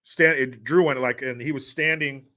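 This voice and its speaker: A man's voice: mid-range voice, fairly even intonation, normal speed, pushed and bright. A man hosting a live show, chatting casually, reading the chat and joking in a profane, rambling way.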